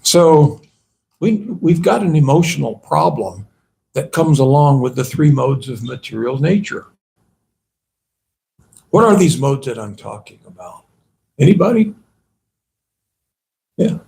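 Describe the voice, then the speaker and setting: A man's voice: fairly high pitch, lively intonation, unhurried, vocal fry, long pauses, warm tone. A man, a monk, giving a conversational sermon at a temple and asking his listeners rhetorical questions. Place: temple hall.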